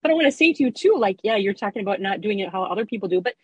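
A husky-voiced woman chatting as an interview guest about her writing and narration work. She tells things in a loose, animated way, full of fillers and small laughs. Her voice sits close and dry, with no room sound. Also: mid-range voice, rapid-fire, no echo, muffled recording. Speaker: erotica author and audiobook narrator, guest. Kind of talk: casual interview chat.

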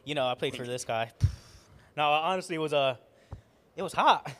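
A man's voice: on the high side, normal speed, fairly bright tone, slight background noise. A man who played music at the show, joking and telling a story in casual chat. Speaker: musician, guest on the podcast.

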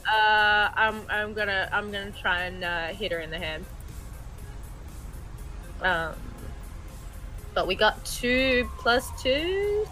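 A woman at a tabletop game table, describing her character's moves and chatting with the group. She speaks slowly in a bright, forward voice and breaks into laughter easily. Faint music plays behind her. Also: medium pitch, expressive, rough recording. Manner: unhurried, giggly table talk. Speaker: player.

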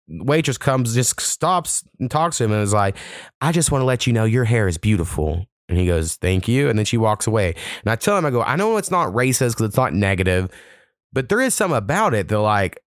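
Solo podcast host, thirties, low smooth voice, loose and profane, dry close mic. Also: male voice, dry recording. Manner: profane, animated, quotes people in put-on voices. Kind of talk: casual solo storytelling.

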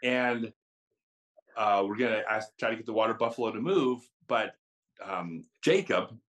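A man who is a podcast guest and tells chatty, animated stories with frequent restarts. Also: lowish voice, measured pace. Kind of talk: casual storytelling.

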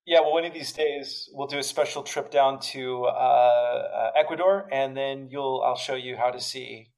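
A man's voice: medium pitch, moderate pace, darkish tone, poor audio. A man from the Netherlands co-hosting a podcast, telling a story in casual chat with many restarts and fillers. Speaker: podcast co-host.

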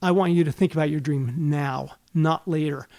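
Fairly high in pitch yet gravelly and darkish, this man's voice holds a steady tone at normal speed. He's an accountant and podcast host whose motivational talk takes an earnest coaching approach, full of rhetorical questions.

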